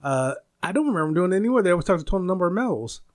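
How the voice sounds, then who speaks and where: An American man in his forties hosts a casual solo podcast, his high voice swinging widely in pitch as he talks rapid-fire. He rambles, laughs often and hunts for the right words.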